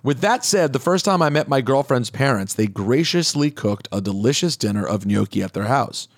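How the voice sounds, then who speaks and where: A man's voice: mid-range voice, expressive, normal speed, no room sound, studio quality. A man hosting a podcast, reading listener letters aloud with wry asides in casual chat. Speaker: podcast host.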